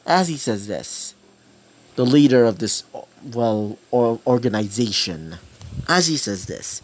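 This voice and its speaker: A man's voice: medium pitch, expressive, takes it slowly, a little hiss or hum. A young man improvising fan-fiction narration, rambling and hesitant, repeatedly tagging lines with "as he says this". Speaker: storyteller.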